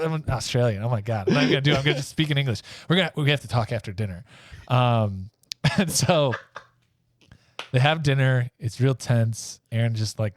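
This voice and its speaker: A man's voice: medium pitch, no room sound, studio quality. A man co-hosting a podcast, telling a rambling comic story and acting out the characters' lines. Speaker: podcast co-host. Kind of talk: casual comedic storytelling.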